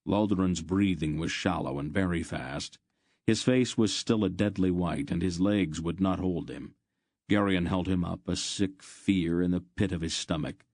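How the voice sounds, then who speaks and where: A man reading a fantasy novel aloud as an audiobook narrator, in steady, measured storytelling. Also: deep voice, no room sound, studio quality.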